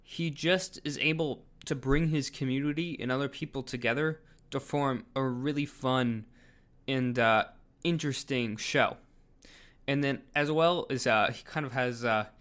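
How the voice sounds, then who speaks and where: A man's voice: mid-range voice, fairly bright tone, clean tone. A man giving casual video commentary, rambling with lots of fillers. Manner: rambling, filler-heavy delivery.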